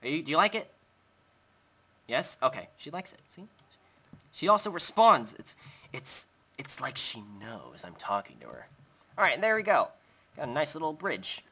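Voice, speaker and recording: A man's voice: fairly high pitch, wildly swooping pitch, normal speed, pauses often, pushed and bright, breathy edge. A young man hosting a Minecraft let's play, chatting casually as he builds and talking to his in-game pet. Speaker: gaming channel host.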